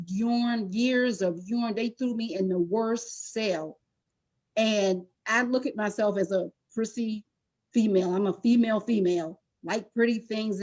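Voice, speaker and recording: A middle-aged woman recounting her own story as a guest. She speaks with passion and emphasis, at an ordinary middle pitch. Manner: impassioned and emphatic. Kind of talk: emotional personal testimony.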